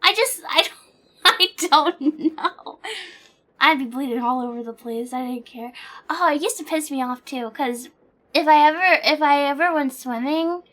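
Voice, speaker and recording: High-voiced chatty young woman streamer. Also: moderate pace, fairly bright tone. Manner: chatty, swears casually, laughs often; plays a bug persona in her talk. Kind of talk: casual chat.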